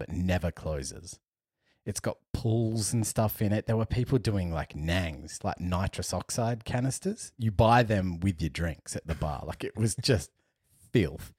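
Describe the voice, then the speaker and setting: A young man co-hosting a podcast, telling a travel story in an animated way, laughing often and acting out what people said. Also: sits low, unhurried, slightly rough, dry recording, studio quality. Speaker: podcast co-host. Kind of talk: casual storytelling chat.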